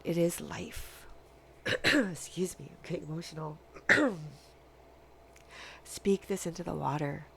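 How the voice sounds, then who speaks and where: A woman giving a spiritual tarot reading, speaking in a dreamy, halting way with long pauses. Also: low-pitched, creaky, a little mellow, slight background noise. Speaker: tarot reader.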